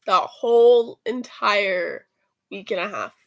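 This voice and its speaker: A woman's voice: medium pitch, slow, gravelly. A woman casually telling a rambling story about her school week, swearing freely and trailing off into fillers and restarts. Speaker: student vlogger.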